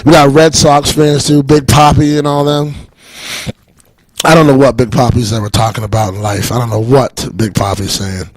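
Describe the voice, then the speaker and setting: Rambling Boston comic on a live stage. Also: male voice, mid-range voice, level tone, moderate pace, dry recording, poor audio. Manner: rambling, laughs at own jokes, acts out voices. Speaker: comedian. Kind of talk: stand-up comedy monologue.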